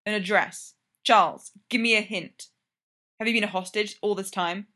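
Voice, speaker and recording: A fierce, protective man who fires off demands with force, as a woman reads him. He pushes louder than the narration around him, in a read-aloud story. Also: mid-range voice, steady tone, moderate pace, natural voice.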